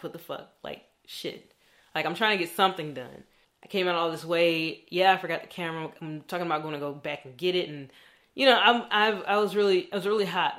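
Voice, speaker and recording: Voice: mid-range voice, fairly bright tone. A young adult vlogger talking in a candid, rambling diary style and swearing freely. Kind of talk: casual diary vlog.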